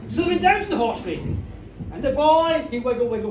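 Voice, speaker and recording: Lively storyteller in a bar. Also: high-pitched, fairly quick, a little hiss or hum. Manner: animated, playful, loud sound effects and audience bidding. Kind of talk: live storytelling to an audience. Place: bar with a live audience. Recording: roomy, distant live bar recording.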